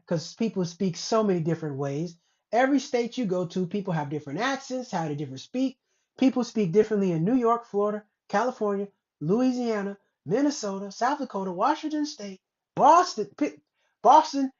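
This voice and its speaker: A woman hosting a casual commentary show, ranting in a blunt, rambling way with plenty of profanity. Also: mid-range voice. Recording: dull lo-fi recording.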